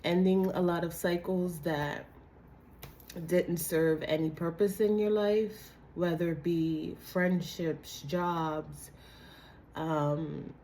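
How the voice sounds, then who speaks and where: Hoarse, raspy woman reading tarot. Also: fairly low pitch, fairly even intonation, slow, dark tone, slight background noise. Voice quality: dry, raspy voice. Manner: blunt, chatty, slangy. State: hoarse from a cold. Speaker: tarot reader. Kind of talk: casual tarot reading to camera.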